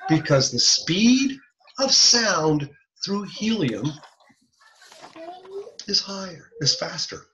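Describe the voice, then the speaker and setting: A man's voice: sits high, big pitch swings, slow pace, long pauses, bright, forceful tone, a little hiss or hum. A man giving an online lecture as an instructor, explaining step by step in a chatty way with joking asides. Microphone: video call. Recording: dull lo-fi video call audio.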